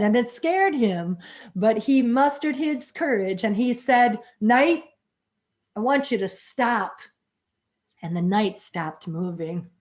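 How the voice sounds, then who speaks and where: Slow dramatic woman storyteller. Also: on the high side. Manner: dramatic, slow, with spoken sound effects. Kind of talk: folk tale storytelling.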